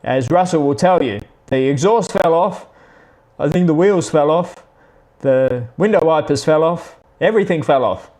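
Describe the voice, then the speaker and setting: Rambling Australian bloke telling yarns. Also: male voice, fairly high pitch, normal speed, darkish tone. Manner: rambling, self-correcting, chatty anecdotes. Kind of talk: casual storytelling monologue.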